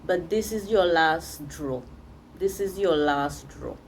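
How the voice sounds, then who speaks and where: A woman's voice: deep voice, slow, a little hiss or hum, low-quality recording. A woman giving a spiritual tarot reading, speaking straight to the viewer and repeating phrases for emphasis. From Seychelles. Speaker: tarot reader.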